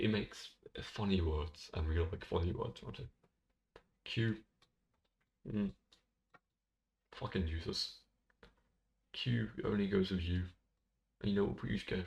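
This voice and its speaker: A man's voice: deep voice, vocal fry, darkish tone. A young man talking in a rambling, jokey way and swearing casually, as he records a casual commentary into a microphone in his bedroom. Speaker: tier-list video host. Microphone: desk microphone.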